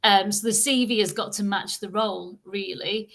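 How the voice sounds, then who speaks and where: A woman's voice: mid-range voice, steady tone, moderate pace, creaky, fairly bright tone. A woman, a marketer co-hosting a live online show, explaining ideas in an upbeat, chatty way. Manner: upbeat, explanatory, repeats words when restarting. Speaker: co-host, marketer. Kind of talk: casual live-stream chat.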